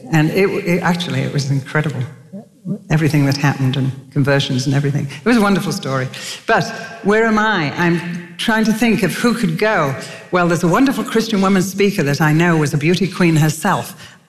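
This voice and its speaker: An older woman preaching a sermon, telling stories animatedly and acting out quotes. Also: lowish voice. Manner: animated storytelling with acted quotes. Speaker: Christian speaker. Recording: long hall reverb with faint music.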